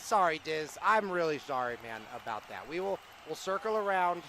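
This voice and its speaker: A man hosting a comedic mock press conference who talks in an excitable, rallying announcer style. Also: on the high side, normal speed, few pauses, slight background noise. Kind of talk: comedic live-stream emcee.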